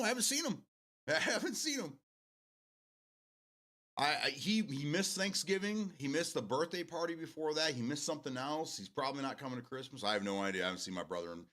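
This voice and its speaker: A man's voice: mid-range voice, pushed and bright. A man hosting a live stream, chatting casually with his viewers, swearing freely and drifting off on tangents. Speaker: livestream host.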